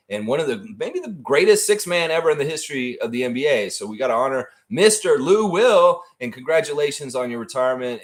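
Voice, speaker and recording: Brief: male stream host, casual chat, lively sweeping pitch. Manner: animated, rambling storyteller. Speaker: livestream host.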